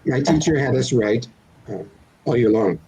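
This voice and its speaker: Older guy author in an interview, kinda husky, playful about word sounds. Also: medium pitch, animated, normal speed, dark tone, rough recording. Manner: thoughtful, playful with word sounds, explains by examples. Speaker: children's author, guest. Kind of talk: relaxed interview answers.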